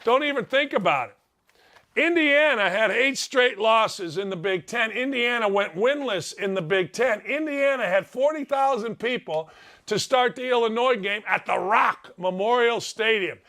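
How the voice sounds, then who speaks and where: Excitable man telling stories, higher voice. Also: normal speed. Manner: excitable storyteller, self-mocking, repeats phrases for effect. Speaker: sports show host. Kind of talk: animated casual monologue.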